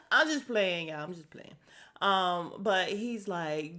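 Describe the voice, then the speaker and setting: A woman's voice: lowish voice, takes it slowly, sharp tone. A woman hosting a casual podcast, recapping a reality show bluntly and swearing freely. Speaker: podcast host.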